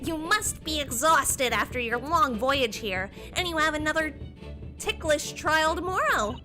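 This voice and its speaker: Woman doing a cheerful young girl, bubbly, eager, high chirpy voice, game music behind. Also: lively intonation, unhurried, full character voice. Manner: bright and bubbly, raises the pitch.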